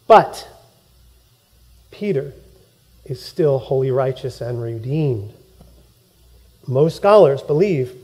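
A male pastor giving a sermon in a church, telling the story in a lively way, acting out quotes and laughing along. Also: a little high.

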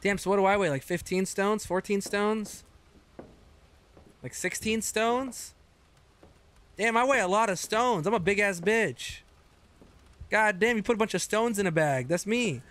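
A man's voice: high-pitched, unhurried, long pauses, slight background noise. A man streaming a game live, chatting to viewers, swearing freely and yelping when startled. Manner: excitable, swears a lot, yelps when startled. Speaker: gaming streamer. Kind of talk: live gameplay commentary.

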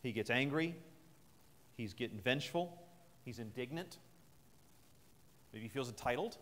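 A man's voice: medium pitch, lively intonation, measured pace, fairly bright tone. Man preaching in an echoey chapel. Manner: earnest, conversational, retelling a scripture story. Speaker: preacher at a military chapel service. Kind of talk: sermon. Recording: long chapel reverb.

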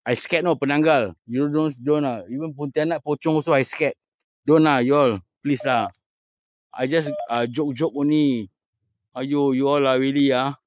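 A man hosting a ghost-hunting livestream outdoors in a cemetery at night, joking, laughing a lot and dropping into hushed whispers. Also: mid-range voice, steady tone, normal speed, no room sound, studio quality. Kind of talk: casual livestream chat.

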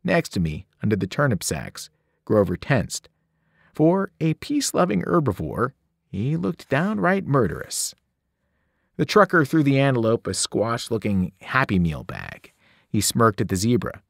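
A man, a teacher, reading a novel aloud with expressive storytelling. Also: mid-range voice, unhurried, vocal fry, dry recording, studio quality.

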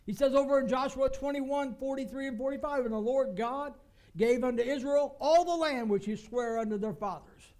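High-voiced man preaching emphatically. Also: normal speed, a little mellow. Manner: emphatic preaching, repeats phrases for stress. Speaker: pastor. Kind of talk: sermon. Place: church.

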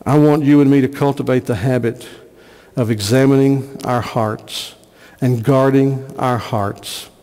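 A man's voice: medium pitch, steady tone, unhurried, dark tone, in a large hall. A man preaching a sermon as pastor, earnest, repeating phrases for emphasis. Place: church sanctuary.

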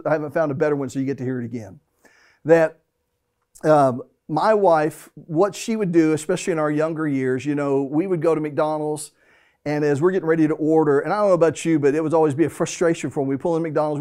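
A man's voice: fairly high pitch, darkish tone. A middle-aged man preaching a sermon as pastor, telling a family story and acting out its scenes.

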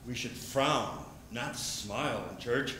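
Male pastor, sermon delivery, forceful bright tone, recorded in a reverberant sanctuary. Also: slow pace, a little hiss or hum. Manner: storytelling, voices the crowd's questions with rising pitch. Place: church sanctuary. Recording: echoey church room.

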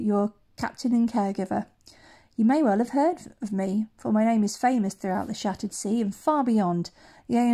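A woman's voice: fairly high pitch, mellow. A woman voicing a flamboyant, boastful woman ship captain, grandiose and theatrical.

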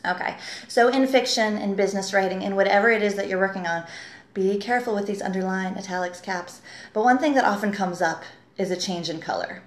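A woman editor talks through writing advice with earnest, teacherly emphasis. She leans on rhetorical questions and stresses her key points. Her voice sits at a middling pitch and rings a little in an echoey room. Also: a little fast. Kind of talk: talking-head writing tip video.

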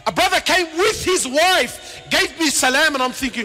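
A man preaches with fervour in a very high, bright, forceful voice, jumping from shouted appeals to quiet asides and acting out the people in his stories. His lecture rings through a large hall with a long echo. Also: expressive, moderate pace. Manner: swings between shouted appeals and low asides; acts out dialogue in storytelling. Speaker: Islamic preacher. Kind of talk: passionate religious lecture. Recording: reverberant hall.

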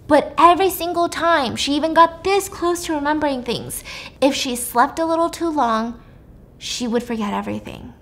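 A young woman YouTuber casually recapping a film's plot in a chatty, animated storytelling style. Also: sits high, moderate pace.

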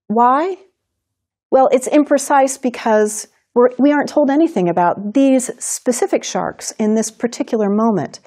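A woman teaching writing in a recorded lecture, explaining in a clear, measured way. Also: mid-range voice, a little mellow. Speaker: writing instructor.

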